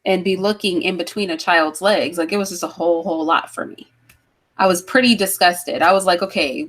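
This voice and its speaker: A woman's voice: fairly low pitch, a bit bright. A woman hosting a livestream talk show, chatting casually with guests and her live chat, laughing and thinking aloud as she goes.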